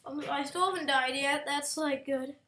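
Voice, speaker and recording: A woman giving casual gaming commentary, excitable, with frequent exclamations and whispered asides. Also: high voice, normal speed, slight background noise. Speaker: gameplay commentator.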